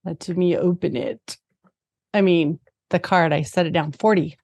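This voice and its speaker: A woman's voice: lowish voice, steady tone, measured pace, a little mellow, no room sound. Woman host, eager and chatty, casual swearing, dry close mic. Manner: enthusiastic, laughs often, swears casually. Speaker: podcast host. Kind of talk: casual podcast conversation.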